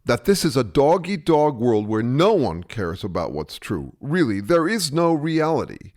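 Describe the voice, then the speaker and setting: A man's voice: mid-range voice, very animated, a little slow, darkish tone. A man playing a hypocritical, self-righteous bully in a satirical sketch dialogue, talking in a blustering, dismissive way. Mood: smug.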